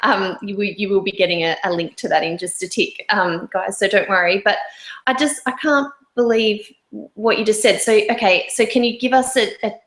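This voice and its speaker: A woman's voice: mid-range voice, normal speed, a bit bright. A woman hosting a casual webinar chat, enthusiastic and a little emotional, talking directly to her audience. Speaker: host. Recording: roomy echo.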